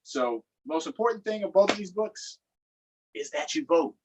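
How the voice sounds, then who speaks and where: A man's voice: high voice, normal speed, background noise. A man reading a picture book aloud to children and chatting with them playfully between passages. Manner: animated, playful, addresses young listeners directly. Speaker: local politician reading to children. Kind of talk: storytime read-aloud with chat to kids.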